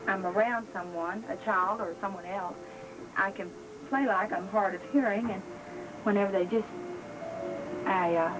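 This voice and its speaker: A woman with a Southern accent and a mid-range voice teaches gospel clowning and balloon twisting. Her casual instruction is folksy and chatty, packed with fillers, and the audio quality is poor.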